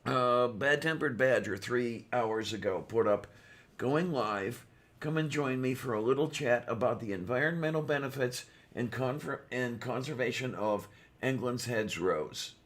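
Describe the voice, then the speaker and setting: A man's voice: medium pitch, measured pace, a bit bright. Hesitant man co-host, lots of ums. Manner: hesitant, full of ums, self-deprecating. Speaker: podcast co-host. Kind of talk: casual chat.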